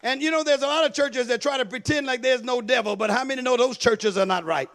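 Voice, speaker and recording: A male pastor preaching a sermon with call-and-response, building into shouted, half-sung cadences. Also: very high-pitched, fast.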